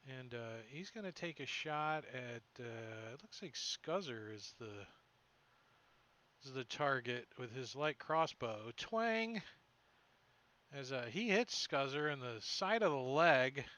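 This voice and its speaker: Bright-voiced man running a tabletop game. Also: mid-range voice, a little slow. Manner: chatty, lively narration with sound effects. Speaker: dungeon master.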